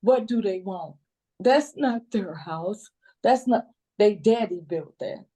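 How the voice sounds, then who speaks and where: Tearful grandmother pleading slowly in court. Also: mid-range voice, expressive, warm tone, breathy edge. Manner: emotional, rambling, repeats herself. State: crying. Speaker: grandmother in custody hearing. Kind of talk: pleading closing statement in court. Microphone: phone on a video call.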